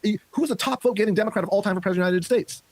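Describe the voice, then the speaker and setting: A man's voice: high-pitched, rapid-fire, no echo. A man giving heated political commentary on a podcast, impassioned and stumbling over repeated words when worked up.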